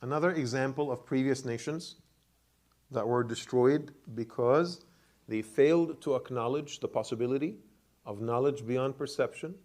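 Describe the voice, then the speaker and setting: A man teaching Quran commentary in a classroom lecture. His voice sits at a medium pitch. He questions his listeners, repeats words, and restarts his sentences as he explains. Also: normal speed, darkish tone.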